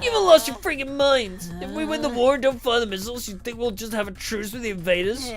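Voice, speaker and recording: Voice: mid-range voice, lively intonation, quick pace, pitched above the performer's own voice, close to an everyday voice. A streamer doing a hotheaded young brawler. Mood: aggressive. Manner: swaggering, profane trash talk. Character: brash hotheaded young male fighter.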